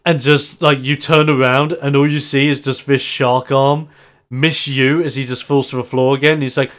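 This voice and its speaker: Man, game master, animated narrator who laughs a lot, plain middle pitch. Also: normal speed. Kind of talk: narrating a tabletop wrestling game.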